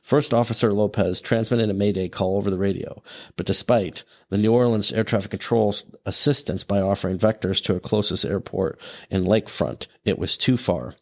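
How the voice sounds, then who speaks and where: A man's voice: fairly low pitch, a little fast, darkish tone. A man hosting a podcast, narrating an aviation story in a casual tone with fillers and asides. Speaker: podcast host.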